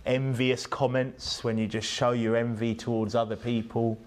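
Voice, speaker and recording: A man preaching a sermon, rising to emphatic peaks and dropping low on tag questions. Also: level tone, moderate pace.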